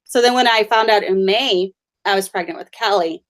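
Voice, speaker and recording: A woman host of middling pitch tells family stories in a chatty, conversational way. She laughs easily between anecdotes. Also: moderate pace. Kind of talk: conversational storytelling.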